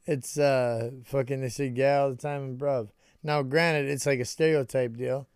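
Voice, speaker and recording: A man's voice: medium pitch, fairly even intonation, moderate pace, smooth, no echo, clean studio sound. A man chatting casually on a podcast in a laid-back, rambling way, swearing often. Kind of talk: casual chat.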